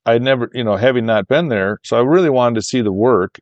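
A man's voice: mid-range voice, quick pace, dry recording, lo-fi sound. A man, a golf course architect, telling a long, rambling anecdote in a casual interview and livening up when he quotes other people. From Michigan, USA.

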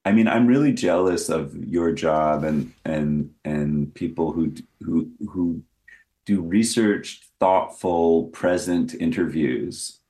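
A man's voice: low voice, takes it slowly, mellow, roomy sound. A man talking as a guest in a casual interview, rambling and self-deprecating, with many restarts. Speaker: guest actor.

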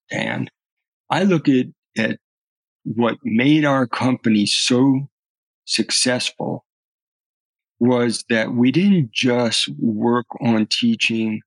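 This podcast guest, a middle-aged man, has a creaky medium-pitched voice, recorded with no echo and low quality. He shares personal stories earnestly in conversation, frequently restarting his sentences.

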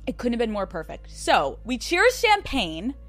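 Excitable swearing young woman podcast host. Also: a little high, moderate pace, soft background music. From Pennsylvania. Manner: excitable, swears freely, lots of "like". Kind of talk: casual storytelling monologue.

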